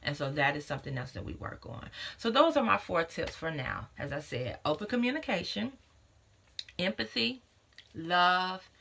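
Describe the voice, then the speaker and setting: A woman's voice: lowish voice, sing-song, normal speed, creaky, a bit bright, slight background noise. A woman in her thirties, a doula and mother, talking earnestly and casually to camera with many fillers. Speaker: doula and vlogger.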